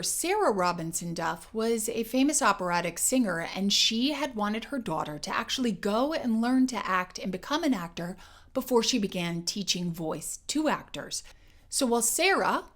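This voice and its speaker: A woman voice coach giving a scripted educational narration in a clear, measured and emphatic way. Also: mid-range voice.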